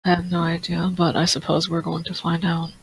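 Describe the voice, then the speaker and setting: A gravelly, creaky voice with a faint hiss of noise underneath. This player speaks in character in a tabletop role-play, hesitant and thinking aloud with small laughs. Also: mid-range voice, completely flat delivery, a little fast, rough recording.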